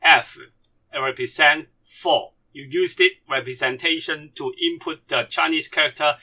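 A man whose first language is Cantonese teaches a language lesson in English. He speaks very slowly with a bright, sharp tone and a slightly raised pitch, drilling each syllable deliberately. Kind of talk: slide-based language lesson.

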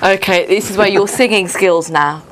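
A woman's voice: medium pitch, moderate pace, a bit bright. A woman hosting a quiz show in a playful, teasing way, often laughing. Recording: noisy studio sound.

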